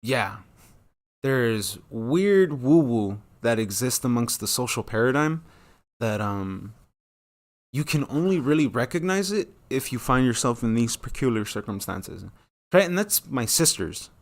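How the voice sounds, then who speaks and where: A man's voice: animated, unhurried. A man in his thirties talking casually and profanely on his own, rambling and losing his train of thought, and acting out quoted lines in a jumpy, rising voice. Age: 30s. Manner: acts out quoted dialogue with sudden high jumps in pitch. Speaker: solo talk channel host. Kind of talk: casual monologue.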